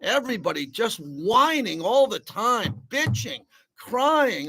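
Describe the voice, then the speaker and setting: A man's voice: high voice, sing-song, slow pace, pushed and bright. A man hosting a sports talk radio show, ranting bluntly and with heat.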